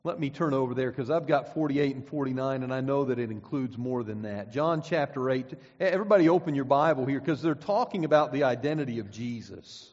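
A man's voice: mid-range voice, fairly quick, few pauses, a little mellow. A man preaching a sermon, reading scripture aloud and pressing his points with emphatic, rising and falling delivery. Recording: dull sound with long hall reverb.

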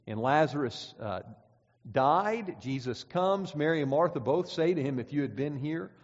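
A man with a slightly high, somewhat mellow voice preaches a conversational sermon, often repeating words and reading scripture aloud. The sound is dull, with long hall reverb.

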